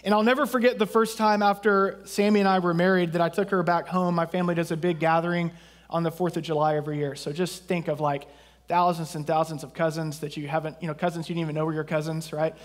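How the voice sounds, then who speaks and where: A man's voice: a little high, little pitch movement, quick pace. A man from southeast Texas preaching a sermon as pastor, in a conversational way with jokes and asides.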